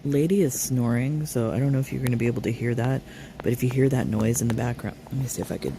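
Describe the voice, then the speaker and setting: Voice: medium pitch, fast talker, gravelly, very noisy. Sarcastic commentator scolding a clip. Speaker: commentary streamer. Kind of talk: reaction commentary.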